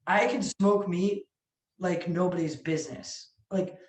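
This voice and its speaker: A woman restaurant owner telling stories in a casual interview, animated, swearing freely and acting out what people said. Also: fairly low pitch, unhurried. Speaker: restaurant owner and sandwich chef. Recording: echoey room, mic far off.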